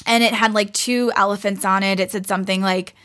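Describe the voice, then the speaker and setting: A woman's voice: medium pitch, steady tone, a little fast, fairly bright tone. A pregnant young woman telling a story in casual chat, acting out what others said and laughing often. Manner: chatty, acts out quoted voices, laughs often. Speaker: guest.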